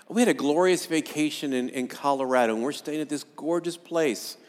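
Man preaching in a reverberant church. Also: on the high side. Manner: earnest, repetitive, acts out congregants' voices. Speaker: pastor. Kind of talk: sermon. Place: church sanctuary. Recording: long hall reverb.

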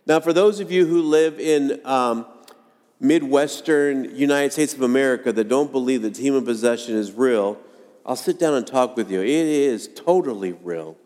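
A man preaching a sermon to a congregation, earnest and dramatic, acting out quoted lines with pauses. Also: medium pitch, darkish tone. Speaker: pastor. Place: church sanctuary. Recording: long hall reverb.

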